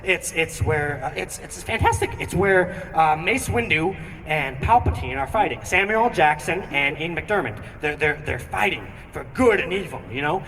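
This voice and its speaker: A young man doing stand-up comedy on a theatre stage, excitable and rambling with many fillers. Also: on the high side, moderate pace, in a large hall, slight background noise. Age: young adult. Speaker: student comedian. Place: theatre stage before an audience. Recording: distant stage recording with audience.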